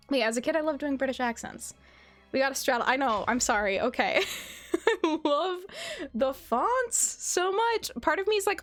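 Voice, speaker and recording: Young woman streamer, high voice, giggly and chatty, faint music under her. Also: lively intonation, moderate pace, a bit bright. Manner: giggly, chatty, self-deprecating. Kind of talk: casual gaming livestream chat.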